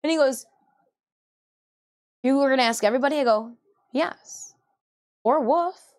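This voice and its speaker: A woman with a high, light voice hosts her own livestream and talks in a loose, storytelling way. She rambles, corrects herself mid-sentence and voices the people in her stories. Laughter comes easily to her. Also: unhurried, a little mellow. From Michigan, USA. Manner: rambling and self-correcting, often laughing, acts out quoted dialogue. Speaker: cosplayer and livestream host.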